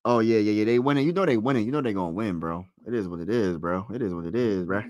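A young man giving casual fan play-by-play of a basketball game, excitable, pleading and groaning as plays unfold. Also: lowish voice, quick pace, no echo, highs cut off. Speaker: live play-by-play streamer.

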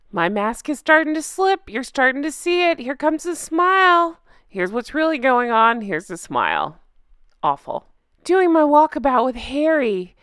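A snarky woman vlogger tossing out deadpan one-word verdicts in a slightly high voice. Her voice is dry and close to the mic. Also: measured pace, smooth, no echo. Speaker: commentary vlogger. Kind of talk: sarcastic commentary.

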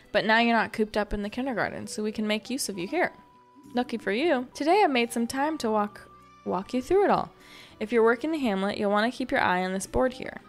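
A woman reading a brisk, teasing villager who shows a newcomer around in a cozy game. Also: medium pitch, gravelly.

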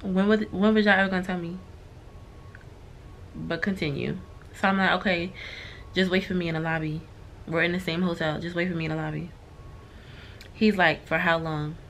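Woman vlogger ranting at her phone cam in a hotel room, low gravelly voice, bit of hiss behind. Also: steady tone, brisk, long pauses. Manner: frustrated, swearing, talking straight to viewers. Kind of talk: casual venting vlog.

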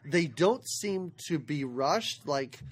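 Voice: mid-range voice, slow pace, husky. A podcast co-host chatting casually about a movie, retelling scenes with laughter. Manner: animated, laughing, playful retelling. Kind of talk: casual movie review chat.

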